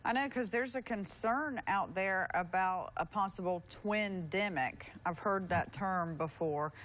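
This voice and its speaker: A woman's voice: mid-range voice, a little slow, a bit bright. A woman TV news anchor asking friendly, conversational questions in an interview.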